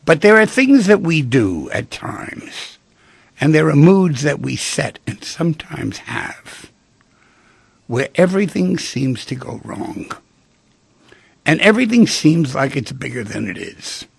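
A man hosting a radio talk show, telling stories in an animated way and acting out the people he quotes. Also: fairly high pitch, takes it slowly, dry recording. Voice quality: gravelly, husky voice. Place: radio studio.

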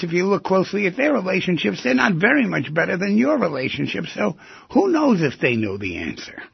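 On a radio call-in show, a man with a gravelly, very husky, rather high voice fires question after question at listeners. He teases them and breaks into sudden loud bursts in a talk-radio monologue. The audio is dry, somewhat dull, and has no echo.

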